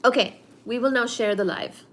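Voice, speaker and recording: A woman's voice: on the high side, normal speed, a bit bright, a little hiss or hum. A woman hosting a late-night livestream, chatting and greeting viewers by name before explaining cosmology with many fillers. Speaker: livestream host teaching physics.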